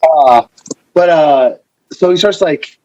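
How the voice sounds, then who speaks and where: A man's voice: fairly high pitch, slow pace, no room sound, dull audio. A man, a guest on a podcast, telling rambling stories in a casual chat and acting out what others said. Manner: rambling, animated storyteller acting out quotes. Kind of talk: casual storytelling.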